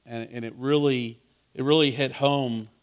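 Man preaching, earnest, repeats and restarts, rhetorical questions, mid-pitched voice. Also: fairly even intonation, a little slow. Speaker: pastor. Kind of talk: sermon.

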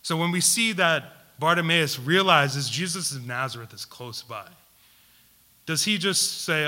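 Bright-voiced male preacher, emphatic. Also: a little high, a little slow. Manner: asks the audience questions, emphatic repetition; lively swings between loud and soft delivery. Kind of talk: sermon.

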